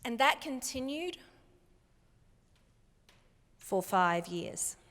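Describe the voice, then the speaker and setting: Slow, emphatic woman keynote speaker. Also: on the high side, lively intonation, a bit bright. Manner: slow, emphatic, clearly enunciated delivery. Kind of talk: motivational keynote talk. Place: large hall before a live audience. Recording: long hall reverb.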